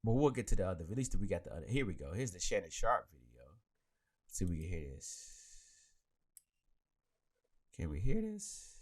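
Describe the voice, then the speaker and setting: Podcast host dude on a live stream, low voice that swings all over, talks into a handheld mic. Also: male voice, moderate pace, pauses often. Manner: animated and rambling, with many restarts. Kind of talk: casual chat on a live stream.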